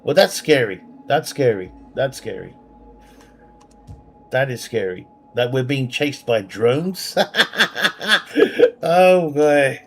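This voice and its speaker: A man streams a strategy game from his bedroom. He talks slowly and rambles, reads viewer questions aloud, and laughs at his own jokes. Game music plays faintly underneath. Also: mid-range voice, lively intonation, husky. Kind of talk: casual livestream commentary. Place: home bedroom.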